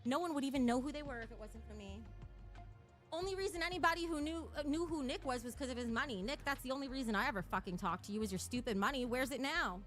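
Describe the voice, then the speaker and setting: Woman, streamer, high voice, bright sharp tone, profane mocking rant, casual. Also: quick pace, faint music behind. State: out of breath.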